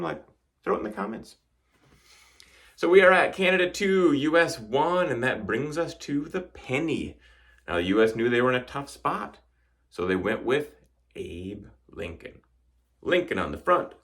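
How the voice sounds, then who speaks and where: A man's voice: medium pitch, gravelly, fairly bright tone. Wry man from Wisconsin doing stand-up. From northern Wisconsin, United States. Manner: dry wry delivery, acting out quoted voices. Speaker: stand-up comedian. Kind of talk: stand-up comedy routine.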